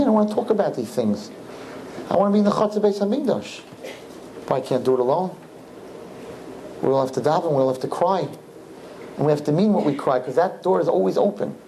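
A man preaching as a rabbi, fervent, swinging from soaring high cries to low hushed pleading. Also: a little hiss or hum, low-quality recording. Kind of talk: impassioned sermon.

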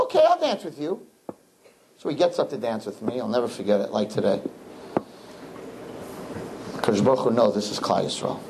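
A man, a rabbi, telling his students a story in an animated, repetitive way, with Hebrew and Yiddish words mixed in. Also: mid-range voice, noisy background. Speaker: rabbi teaching a class.

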